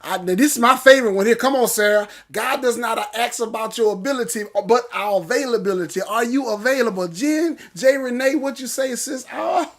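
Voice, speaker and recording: A man hosting a casual morning livestream, greeting viewers and breaking into animated preaching. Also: very high-pitched, fairly quick, hardly any pauses. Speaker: livestream host.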